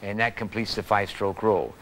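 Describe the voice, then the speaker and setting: A man giving a calm, patient drum lesson for beginners, counting and calling out the strokes. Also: fairly low pitch, brisk, loud music behind the voice, low-quality recording. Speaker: drum teacher. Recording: old video tutorial with loud drums. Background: snare drum playing.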